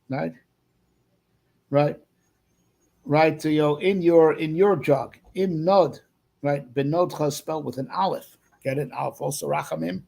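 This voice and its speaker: A man's voice: on the high side, unhurried, vocal fry, pauses often, warm tone. A man, a rabbi, giving a loose, rambling Torah lesson, full of fillers and frequent "right?" check-ins. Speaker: rabbi teaching.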